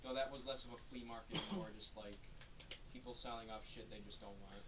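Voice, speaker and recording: A man's voice: mid-range voice, steady tone, quick pace. A young man chatting with a friend on a stream, mocking things by mimicking over-the-top voices. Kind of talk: casual chat. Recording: distant mic with faint noise.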